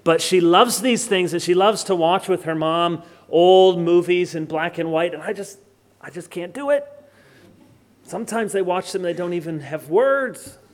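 An American man preaching an expository sermon, stressing key words by slowing down and dropping in joking asides. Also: sits high. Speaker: pastor.

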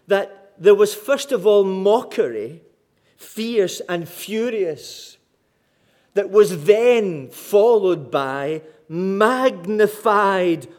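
A man's voice: sits high, darkish tone. A man preaching a sermon in an emphatic, dramatic way, repeating key phrases for weight.

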